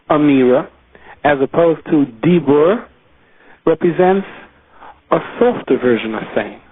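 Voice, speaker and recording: Husky rabbi over a phone line. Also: male voice, a little high. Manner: explanatory, stretches key words. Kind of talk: weekly Torah lecture. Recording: tinny phone-line audio.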